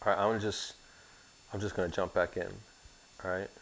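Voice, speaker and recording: A man's voice: low-pitched, little pitch movement, moderate pace, fairly bright tone, a little hiss or hum. A man teaching an insurance course in a recorded class, with sarcastic, joking asides.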